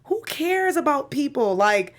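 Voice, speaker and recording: A woman co-hosting a casual celebrity gossip chat, animated and laughing often. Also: sits high, unhurried. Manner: animated, laughs often, acts out quotes loudly. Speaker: co-host.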